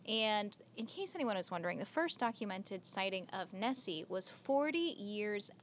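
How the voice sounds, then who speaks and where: A woman's voice: mid-range voice, lively intonation, normal speed, a little hiss or hum. A young woman co-hosting a podcast, chatty and giggly, telling a story with lots of filler words. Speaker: podcast co-host. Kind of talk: casual podcast chat.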